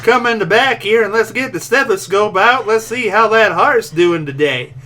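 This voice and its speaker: A man putting on the voice of a folksy small-town male doctor with slow, drawling bedside talk. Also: high-pitched, animated, pushed and bright, voice pushed up, exaggerated voice. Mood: coaxing.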